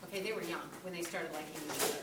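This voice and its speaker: A woman's voice: fairly low pitch, steady tone, very fast. An older woman earnestly giving casual parenting advice. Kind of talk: casual faith-based parenting talk. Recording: echoey room from a distance with noise.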